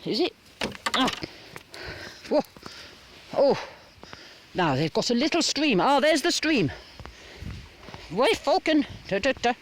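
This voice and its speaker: Excitable woman vlogging on a walk. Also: sits high, takes it slowly, pauses often, a little hiss or hum. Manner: chatty, excitable, many gasps and exclamations. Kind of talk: casual walking vlog chat. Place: outdoors at a rural old house, partly inside.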